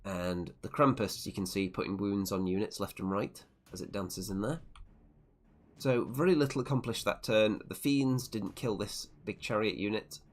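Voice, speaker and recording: A man's voice: on the low side, fairly even intonation, normal speed. A man narrating a tabletop wargame tournament report turn by turn, with a wry, self-deprecating play-by-play manner. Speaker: tabletop wargame channel host.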